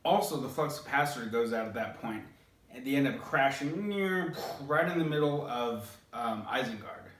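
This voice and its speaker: A man's voice: medium pitch, animated, normal speed, fairly bright tone. A man hosting, casually telling a rambling story with lots of hesitant fillers, recorded in an echoey room some way from the mic. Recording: roomy, distant mic.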